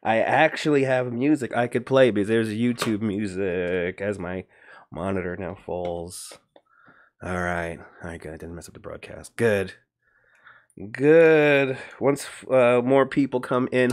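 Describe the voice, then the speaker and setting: A man hosting a casual livestream, rambling and greeting viewers by name, his voice jumping up when he gets animated. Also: fairly low pitch, measured pace. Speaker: livestream host.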